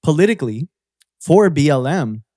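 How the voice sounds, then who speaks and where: A man from Cleveland co-hosting a podcast, talking in a casual, animated and profane way. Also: fairly high pitch, normal speed, dry recording, studio quality. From Cleveland, Ohio. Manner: animated, profane, mimics voices. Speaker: podcast co-host.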